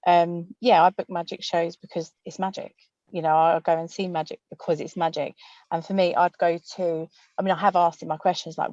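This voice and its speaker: A woman's voice: fairly low pitch, little pitch movement, a little fast, a little mellow, no room sound, muffled recording. A woman, a magician, chatting casually on a panel over a video call from inside a car, with many fillers.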